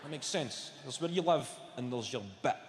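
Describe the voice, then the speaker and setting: Scottish male stand-up, sardonic, sweary, animated; echoey live hall, loud crowd. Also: mid-range voice, normal speed, background noise. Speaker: stand-up comedian. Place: large live venue.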